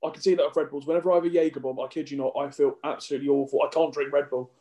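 A man's voice: fairly high pitch, level tone, rapid-fire, dark tone. A young man co-hosting a podcast, rambling and self-deprecating in casual chat. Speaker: podcast co-host.

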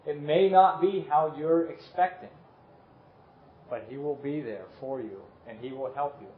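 A man preaching a sermon and leading a closing prayer, earnest and dropping softly on key words. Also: a little high, unhurried, a little hiss or hum. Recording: echoey room, slightly dull sound.

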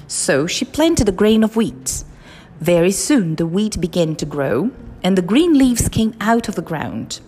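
A woman reading children's stories and fables aloud in a slow, expressive, sing-song way. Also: medium pitch, husky. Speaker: storyteller. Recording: reverberant with soft music.

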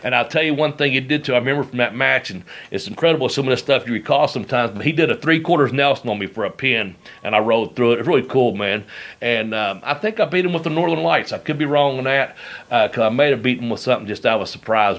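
A man's voice: medium pitch, fast talker, fairly bright tone. A middle-aged man hosting a podcast, telling rambling stories in casual chat and laughing as he goes. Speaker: podcast host. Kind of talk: casual storytelling.

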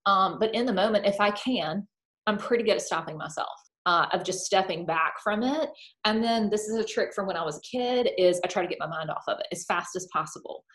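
Woman, casual chat, animated, filler-heavy, quotes herself in voices. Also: mid-range voice, brisk. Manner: acts out her own thoughts in quoted voices.

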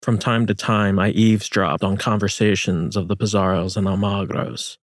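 A man reading historical fiction as narrator in a measured, solemn manner. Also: on the low side, flat delivery, dry recording, studio quality.

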